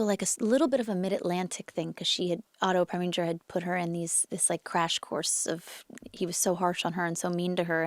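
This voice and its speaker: A woman in her thirties, an actress being interviewed, chatting in an animated way with lots of filler words. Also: on the low side, no room sound, studio quality. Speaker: actress guest. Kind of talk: casual interview chat.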